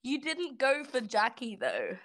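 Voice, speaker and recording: Voice-chat woman with a slight British accent, fairly high and very dry, blunt and sweary. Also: lively intonation, measured pace, a bit bright, no echo. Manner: blunt, profane, ranting with restarts. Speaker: voice chat participant. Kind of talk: casual voice chat. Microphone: computer mic in voice chat.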